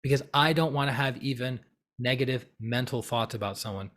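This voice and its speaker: Man teaching in a casual animated talk. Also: mid-range voice, a little fast. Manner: animated, acts out heated voices mid-talk; conversational, many fillers and tag questions. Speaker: spiritual teacher.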